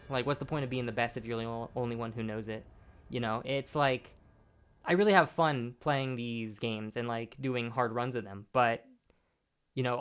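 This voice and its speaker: A man's voice: medium pitch, fairly bright tone. A young man giving casual gameplay commentary, tipsy and rambling with many restarts and fillers, on a bad clipping microphone. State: tipsy, burping. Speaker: gaming channel host. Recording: lo-fi clipping mic.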